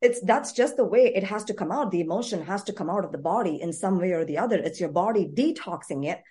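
A woman's voice: lowish voice, lively intonation, fast, dark tone. A woman life coach hosting a podcast, explaining with emphatic conviction and affirming her guest. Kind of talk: conversational interview.

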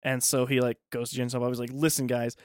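A man's voice: medium pitch, flat delivery, fast talker, no room sound, studio quality. A man co-hosting a casual podcast, retelling film scenes and acting out the characters' lines. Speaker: podcast co-host. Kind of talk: casual movie discussion.

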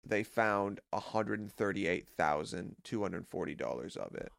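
A man's voice: deep voice, lively intonation, unhurried, vocal fry, a bit bright, no room sound, studio quality. A man co-hosting a podcast, telling a story in casual chat with jokey asides. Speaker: podcast co-host.

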